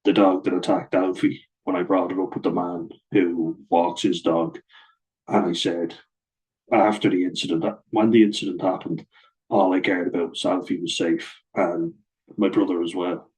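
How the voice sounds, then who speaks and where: A man's voice: deep voice, little pitch movement, normal speed, a little mellow, rough recording. A middle-aged man, bluntly telling a personal story to camera in a sweary, aggrieved way. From Ireland. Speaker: vlogger.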